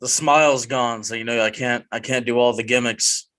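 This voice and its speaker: A man hosts a casual chat podcast with a bright, forceful voice. He jokes in a mock-dramatic way and rambles with frequent restarts. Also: mid-range voice, steady tone, normal speed. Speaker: podcast host.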